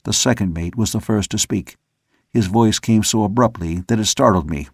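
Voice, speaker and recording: A man reading a novel aloud as an audiobook narrator, in a measured, steady storytelling manner. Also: on the low side, husky, no room sound, studio quality. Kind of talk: scripted narration.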